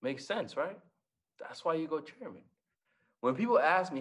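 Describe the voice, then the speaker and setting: A man's voice: on the high side, animated, moderate pace, long pauses, fairly bright tone, breathy edge. A young man giving a motivational talk as a guest speaker, telling stories, acting out dialogue and repeating key lines for emphasis.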